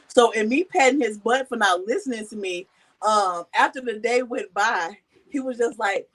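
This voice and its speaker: High, bright-voiced woman telling her story. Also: moderate pace, rough recording. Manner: animated, acts out quoted voices. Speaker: guest. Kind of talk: casual personal storytelling.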